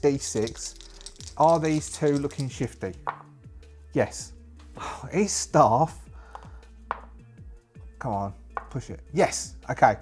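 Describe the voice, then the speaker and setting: Man, solo tabletop game narration, musing aloud, faint music underneath. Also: fairly high pitch. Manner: musing, thinking aloud with fillers.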